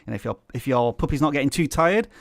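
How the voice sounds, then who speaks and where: A man's voice: medium pitch, lively intonation, quick pace, creaky, no room sound, studio quality. A man co-hosting a livestream, chatty and upbeat. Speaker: co-host reviewing channels. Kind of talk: livestream casual chat.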